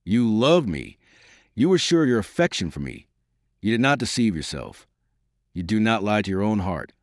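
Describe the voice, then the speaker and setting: A man's voice: fairly low pitch, big pitch swings, moderate pace, no echo, clean studio sound. A man voicing a desperate, devoted young woman, pleading through tears in an audiobook reading. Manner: pleading, emotional.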